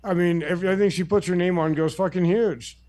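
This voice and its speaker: A man's voice: high voice, steady tone, fast, a little mellow, no echo. An older man and grandfather chatting casually as co-host, laid-back and swearing freely. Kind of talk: casual chat.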